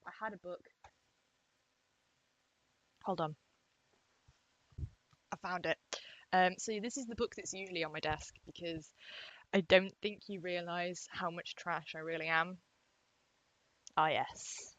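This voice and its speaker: A woman's voice: on the low side, steady tone, measured pace, pauses often, a bit bright, no room sound, poor audio. A young woman answering fan questions in a casual vlog, rambling and self-deprecating, recorded at home. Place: home room at her desk.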